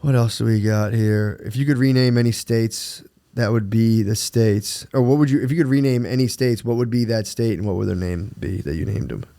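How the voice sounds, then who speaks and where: A man's voice: fairly low pitch, a little fast, vocal fry, hardly any pauses, mellow. Laid-back swearing man chatting. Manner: laid-back, swearing, reading listener questions, laughing often. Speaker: podcast co-host. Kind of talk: casual chat.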